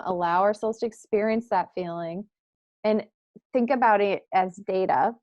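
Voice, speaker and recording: A woman hosting an interview, asking thoughtful, measured questions over a video call. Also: medium pitch, darkish tone, no room sound. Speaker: host.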